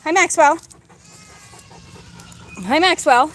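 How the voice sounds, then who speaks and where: A woman's voice: high-pitched, slow, fairly bright tone, slight background noise. A woman vlogging from her farm, chatting to her animals in a coaxing, sing-song way. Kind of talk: casual talk to farm animals. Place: outdoors on a farm. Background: goats bleating.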